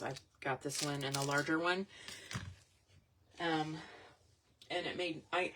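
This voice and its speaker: A woman's voice: low-pitched, noisy background. A woman vendor chatting casually and rambling as she shows her items in a selling vlog. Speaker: vintage and jewelry vendor.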